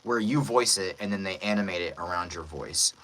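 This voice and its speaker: A man's voice: deep voice, fairly quick, a bit bright, slight background noise. A man who works as a voice actor, chatting casually about dubbing and asking viewers for feedback. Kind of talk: casual chat explaining dubbing.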